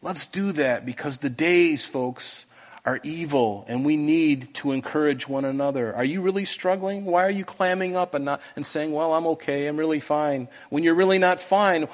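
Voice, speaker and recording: A pastor with a fairly high-pitched voice speaks at a moderate pace in a church hall before his congregation. His sermon is earnest and emphatic, and he presses listeners with pleading questions.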